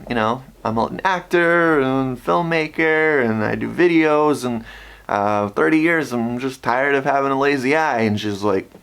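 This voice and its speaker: A man in his thirties casually telling a personal story to the camera, animated and acting out the people he quotes. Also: mid-range voice, moderate pace. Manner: animated, acts out quoted voices. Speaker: vlogger. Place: indoor room with ring light.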